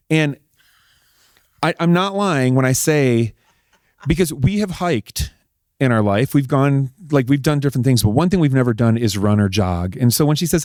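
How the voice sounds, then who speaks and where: A middle-aged man, an interview guest telling a personal story in a casual, animated way and acting out what people said. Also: mid-range voice, normal speed, no echo, clean studio sound. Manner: animated, acts out quoted dialogue. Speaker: interview guest, husband of a politician.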